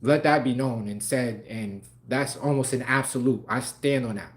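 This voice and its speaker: A man's voice: mid-range voice, moderate pace. A young man on a livestream talking casually and animatedly, swearing freely and laughing often. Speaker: live stream host.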